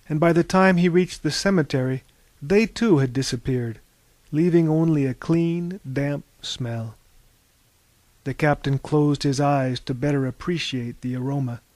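A man narrating an audiobook in a calm, wry storytelling manner. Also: fairly high pitch, no room sound.

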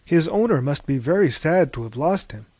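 Man voicing a small squeaky male friend, high voice, whimsical, earnest, storybook. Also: expressive, normal speed, a little mellow, husky, dry recording. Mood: musing.

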